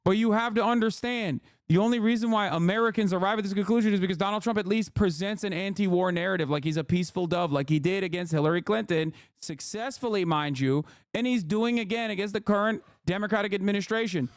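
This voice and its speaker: A man in his thirties rants at his chat in a high, fast-rising voice, swearing constantly and dripping sarcasm. The sound is dry and close, with no room around it. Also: no room sound. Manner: profane, heated, sarcastic. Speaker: streamer reacting to chat. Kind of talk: angry political rant.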